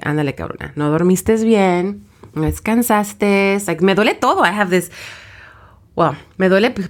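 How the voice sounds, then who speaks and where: A tired woman co-hosting a casual podcast chat, switching between English and Spanish, laughing through animated stories. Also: lowish voice. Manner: bilingual code-switching, laughing, animated storytelling. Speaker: podcast co-host.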